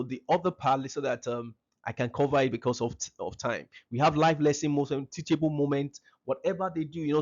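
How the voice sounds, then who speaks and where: A man's voice: fairly high pitch, a little mellow, muffled recording. A man giving a seminar talk to parents, emphatic and repeating his key phrases.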